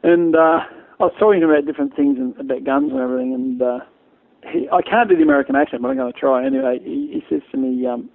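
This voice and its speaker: A man's voice: on the high side, lively intonation, fast talker, creaky. A middle-aged Australian man telling rambling stories as a guest in a casual interview, with many restarts. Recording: tinny phone-like line.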